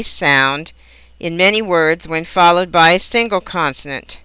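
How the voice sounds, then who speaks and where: A woman teaching a language lesson in scripted narration, pronouncing each example word slowly and carefully. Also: lowish voice, sharp tone, smooth, no echo. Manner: slow, careful, precise enunciation of example words.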